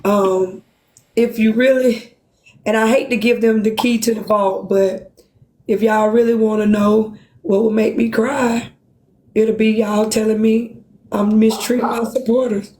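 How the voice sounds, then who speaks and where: On an emotional livestream, a woman with a high voice opens up to her supporters with impassioned, curse-filled bluntness and self-reproach. Her tone is warm and steady, she takes her time, and the sound bounces through an echoing room.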